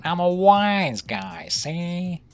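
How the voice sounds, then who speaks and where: A brash, pushy newspaper man in a cartoonish old-time gangster wise-guy voice, as a streamer puts him on. He sounds quick and cocky, with a faint bed of music underneath. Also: high voice, sing-song, pitched above the performer's own voice, heavily acted.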